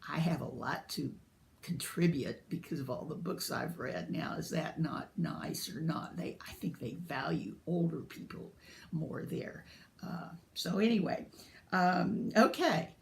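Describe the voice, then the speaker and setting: A woman's voice: deep voice, unhurried, gravelly, slight background noise. An older American woman with a light Southern drawl, chatting casually and rambling from topic to topic in a book vlog. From United States. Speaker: booktuber.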